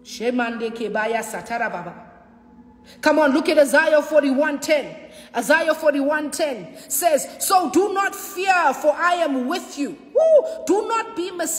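A woman preaching a sermon with passion, repeating lines and shouting out at times. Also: high-pitched, echoey room, long reverb tail. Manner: impassioned preaching with shouts and repetition.

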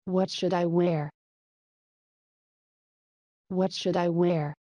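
A woman reading short English phrases twice each for learners, careful and even. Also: on the low side, very slow, dry recording. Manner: careful, evenly paced reading aloud.

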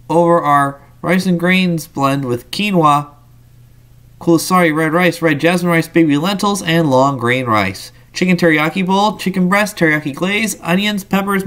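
A man's voice: on the high side, a bit bright. A man reading through a sandwich menu item by item, with casual asides and small slips along the way. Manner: reads menu items aloud in lists, with asides and small slips. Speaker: menu reviewer.

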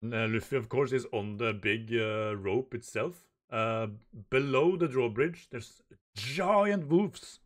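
Slow, halting man reading manga aloud. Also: medium pitch. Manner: halting, stumbles and repeats words while reading; reads the dialogue aloud in lightly raised voices. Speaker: manga reaction host.

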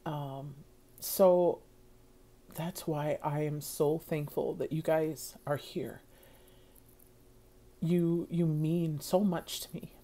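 Slow, low-voiced woman vlogger. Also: fairly even intonation, mellow. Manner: earnest, rambling, heartfelt, many fillers. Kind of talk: casual personal vlog.

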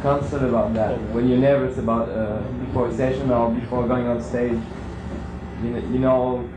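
A man, a student, asking a question in a halting way, searching for words. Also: medium pitch, level tone. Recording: echoey room, distant mic, hiss.

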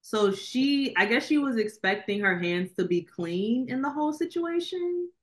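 A woman's voice: on the high side, lively intonation, normal speed. A woman co-hosting a podcast, chatting casually about a film she reviewed, rambling with lots of fillers. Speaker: podcast co-host. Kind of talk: casual movie review chat.

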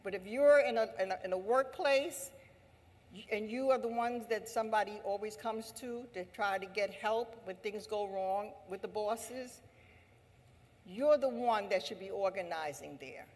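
A woman labor leader giving an impassioned assembly speech, emphatic and repetitive, rising to forceful exhortation. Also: mid-range voice, moderate pace. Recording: long hall reverb.

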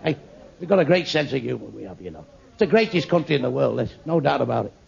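A man's voice: medium pitch, animated, quick pace, creaky. A man from England doing live stand-up, swearing crudely and insulting people in the audience. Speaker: stand-up comedian. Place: comedy club before a live audience. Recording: dull echoey live club recording with crowd laughter.

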